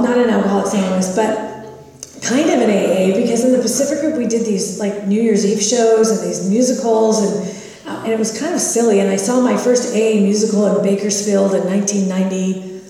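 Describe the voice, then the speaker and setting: A woman's voice: mid-range voice, brisk, mellow. A woman in her fifties from California, speaking at a recovery meeting and telling her own story candidly and with self-mocking humor. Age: 50s. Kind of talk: personal recovery share. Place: large meeting hall. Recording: echoey hall from far off.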